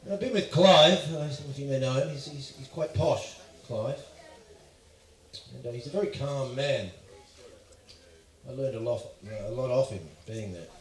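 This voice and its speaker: A man's voice: mid-range voice, moderate pace. A man with an Australian accent doing a stand-up routine, telling stories in a profane, ranting way and mimicking voices. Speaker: stand-up comedian. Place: live comedy venue. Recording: echoey room, from far off.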